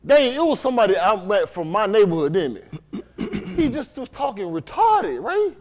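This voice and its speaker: A man's voice: sits high, wildly swooping pitch, normal speed. A man from preaching a sermon to a congregation in a loose, conversational way, often checking in with questions. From Dade County, Florida. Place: congregation room.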